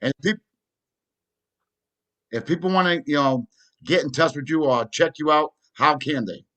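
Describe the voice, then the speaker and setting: A man's voice: fairly high pitch, normal speed, fairly bright tone. A man hosting an interview, gushing with praise and asking loose, rambling questions full of fillers. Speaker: interview host. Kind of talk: casual interview.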